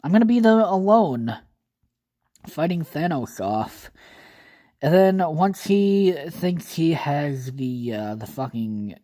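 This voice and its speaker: A man talks alone into his podcast mic in a loose, wandering monologue. His voice has a mellow, soft-edged tone. He swears freely and fills the gaps with "uh" and "like.". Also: a little high, very animated, takes it slowly. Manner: rambling, casually profane, thinks aloud with fillers. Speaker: podcast host. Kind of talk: casual solo podcast monologue.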